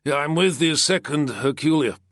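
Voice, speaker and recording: A man's voice: fairly high pitch, unhurried, a bit bright, dry recording, clean studio sound, pitched above the performer's own voice. A man voicing a reserved young Roman soldier who answers in short, clipped lines. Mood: guarded. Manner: terse, clipped replies.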